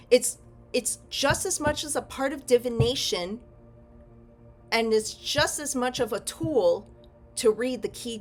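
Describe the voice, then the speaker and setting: A young woman giving a casual tarot reading, rambling and correcting herself, often checking in with "okay?". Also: mid-range voice. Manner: chatty, rambling, frequent self-corrections and "okay?". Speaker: tarot reader.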